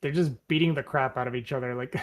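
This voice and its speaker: A man doing live play-by-play commentary on a strategy game match in a flat, monotone way, his voice a bit worn from losing it recently. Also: mid-range voice, brisk. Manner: self-described monotone, relaxed. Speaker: esports caster.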